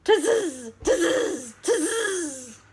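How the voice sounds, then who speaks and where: Mischievous copycat monkeys from a children's storybook, as a woman puts them on. They chant a teasing refrain back, in a high sing-song voice. They tease by mimicking. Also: big pitch swings, extremely slow, darkish tone, exaggerated voice. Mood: mocking.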